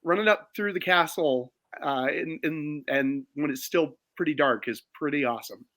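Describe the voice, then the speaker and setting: A man with a slightly high, bright voice chats enthusiastically on a movie podcast. His delivery is upbeat and lively. The recording is dry. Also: normal speed, no echo. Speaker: podcast co-host. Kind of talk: casual chat.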